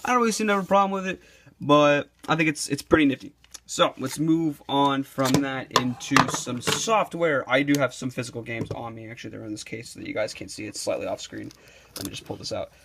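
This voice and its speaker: A man's voice: medium pitch, brisk, vocal fry, a bit bright, slight background noise. A young man giving a rambling, casual review with frequent swearing, saying he is losing his voice. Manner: rambling and casual, swears often, many fillers. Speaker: video reviewer.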